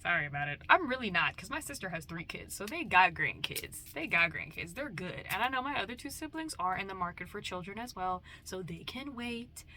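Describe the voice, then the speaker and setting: Playful rambling young woman, bright voice. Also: medium pitch, expressive, fairly quick, hardly any pauses, slight background noise. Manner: rambling, playful, swings into whispers. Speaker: vlogger. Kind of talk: casual chat.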